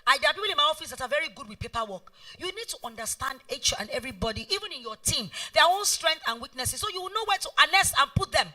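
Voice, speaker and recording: Bright, animated Nigerian woman speaker. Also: sits high, fast talker, few pauses. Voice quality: emphatic, repeats key phrases. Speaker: event planner and guest speaker. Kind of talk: motivational talk. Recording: voice heard from far off.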